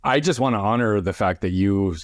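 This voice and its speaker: Brief: middle-aged male host, low voice, reflective and earnest, dry sound. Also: fairly quick, no room sound. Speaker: podcast host. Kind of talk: conversational interview.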